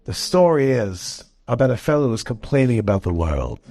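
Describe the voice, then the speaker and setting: A man, a rabbi giving a Torah class, telling a story with lively jokes and acting out its characters. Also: mid-range voice, normal speed, hardly any pauses. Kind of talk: animated storytelling lecture.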